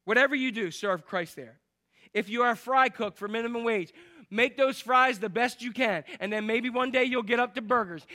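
Pastore dalla voce acuta e brillante, predica animata. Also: male voice, very high-pitched. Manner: animated storytelling, acts out quotes. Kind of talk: sermon.

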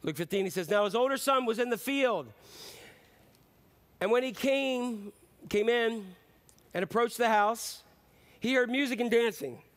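A middle-aged male pastor with a noticeably high voice delivers a sermon. He talks in a loose, conversational way and acts out the lines of the Bible characters he reads. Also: measured pace, pauses often.

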